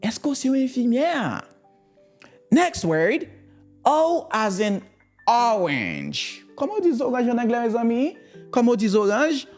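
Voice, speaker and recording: A woman's voice: a little high, huge pitch swings, unhurried, darkish tone, soft background music. A woman with a Haitian accent teaching the alphabet, repeating each word and switching between English, French and Creole. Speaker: language teacher. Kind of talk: alphabet lesson for learners.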